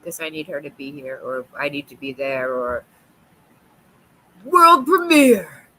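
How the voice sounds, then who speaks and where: A woman's voice: very deep voice, fairly even intonation, a little fast, fairly bright tone, slight background noise, low-quality recording. A woman with a New York accent, chatting on a livestream in a giggly, rambling way and jumping from topic to topic. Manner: giggly, rambling, jumps between topics, breaks into silly voices. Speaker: livestream host. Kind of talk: casual livestream chat.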